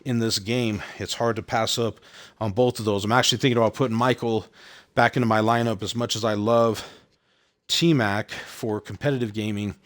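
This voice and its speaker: A man streaming a video game late at night, chatting casually and rambling, slightly out of breath with audible heavy breathing. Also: on the low side. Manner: chatty, rambling, repeats phrases. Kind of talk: casual live-stream chat.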